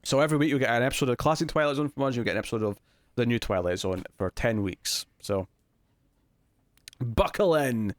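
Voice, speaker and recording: A young Scottish man banters his way through a TV review, teasing his co-host and breaking into laughs. His voice sits at an ordinary middle pitch, and the sound is close and dry with no room around it. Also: animated, a little fast, no room sound. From Scotland. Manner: joking, laughs often, teasing. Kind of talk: casual chat.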